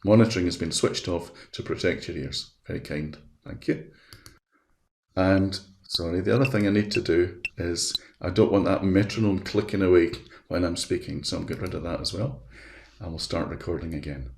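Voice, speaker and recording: Male webinar presenter, low gravelly voice, talks through each click in a chatty way, roomy echo. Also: steady tone, normal speed. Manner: chatty, walks through steps aloud. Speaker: education specialist presenting a webinar. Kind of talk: live software demonstration. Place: at his computer.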